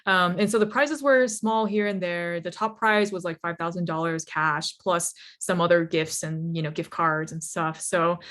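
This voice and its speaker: A young woman telling her founder story in a lively, casual talk, full of fillers and laughs. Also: lowish voice, normal speed, few pauses. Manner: animated, laughs often, many fillers like "you know" and "like". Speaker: startup founder speaker.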